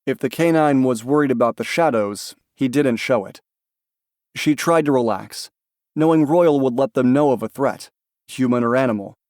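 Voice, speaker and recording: Calm male audiobook narrator, dry sound. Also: medium pitch, normal speed, dry recording. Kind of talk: scripted narration.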